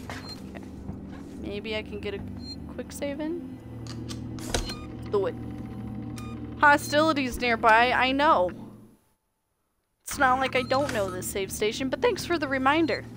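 High-voiced and animated, she speaks a little slowly and pauses often, with noise behind her. This woman, slightly Southern in accent, talks back to the game she's live-streaming as she chats through it.

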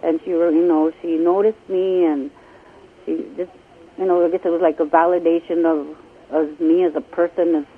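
A woman calling in to a radio show, telling a personal story in a halting, emotional way with many restarts. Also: on the low side, flat delivery, husky. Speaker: radio caller. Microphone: telephone. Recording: tinny phone line.

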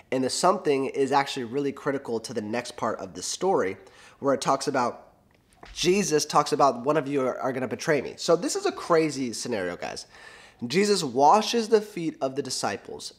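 A young adult man delivers a casual sermon in a relaxed, conversational tone. His voice sits at an ordinary middle pitch, and he animates the story he retells, with fillers and restarts along the way. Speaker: preacher.

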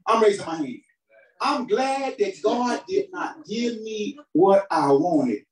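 A man's voice: sing-song, slow pace. Preaching man heard from afar. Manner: swings between shouted emphasis and low, quiet asides; calls for responses from the congregation. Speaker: pastor. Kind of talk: sermon preaching. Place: church hall. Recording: roomy hall sound from a distant mic.

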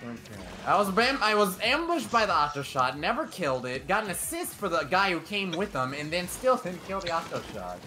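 Lively-pitched joking gamer. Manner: joking, teasing, with quick asides. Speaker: guest gamer. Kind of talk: casual chat while gaming.

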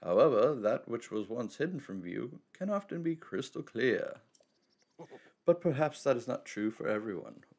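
A man voicing a mysterious, teasing old male hermit in a slow, measured old man voice, reading game dialogue aloud. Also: medium pitch, very animated, a little mellow. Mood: cryptic, teasing.

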